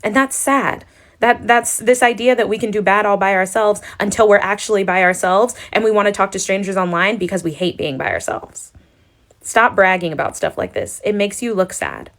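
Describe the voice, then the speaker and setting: A woman's voice: mid-range voice, normal speed, a bit bright. A woman giving scornful, lecturing commentary in a reaction video.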